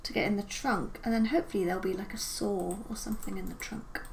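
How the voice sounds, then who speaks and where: A woman's voice: medium pitch, steady tone, quick pace, gravelly, slight background noise, rough recording. A woman chatting casually as a co-player in a game, laid-back and amused. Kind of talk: casual let's-play chat.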